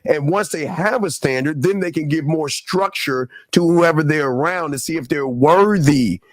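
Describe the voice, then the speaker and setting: Male call-in host, brash and profane, slightly raised pitch, dry close mic. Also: moderate pace, no echo. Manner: blunt, cursing, mocking. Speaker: podcast host. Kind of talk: casual live call-in talk.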